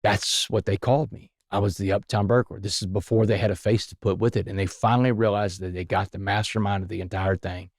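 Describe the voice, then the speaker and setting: Podcast guest, male, low voice, dry close sound, dramatic storyteller. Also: fairly even intonation, fast, few pauses, no room sound. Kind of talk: telling his life story in conversation.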